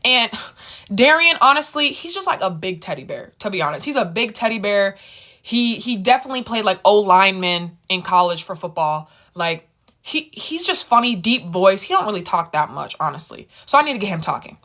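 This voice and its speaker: Woman storyteller, bright voice, animated, casual vlog telling, repeats words. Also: medium pitch, fairly quick.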